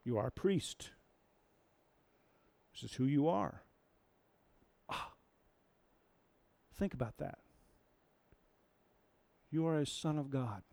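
Male preacher, mid-pitched, storytelling, questions to congregation; dry. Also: lively intonation, slow pace, vocal fry, pauses often, darkish tone, dry recording. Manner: storytelling, asks the audience questions. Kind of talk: sermon.

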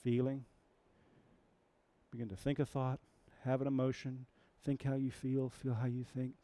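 A man's voice: medium pitch, level tone, moderate pace, mellow. A man preaching a sermon, telling a story and asking the audience questions.

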